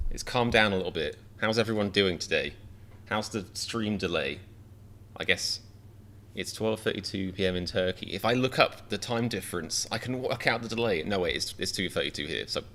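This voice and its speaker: A man's voice: low voice, bright, forceful tone. Wry man greeting a livestream chat. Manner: wry, self-deprecating, greeting viewers by name. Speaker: livestream host reacting to chat.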